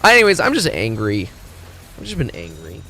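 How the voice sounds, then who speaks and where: A man's voice: fairly low pitch, wildly swooping pitch, normal speed, pushed and bright. Profane, ranting male streamer. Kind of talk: casual stream chat.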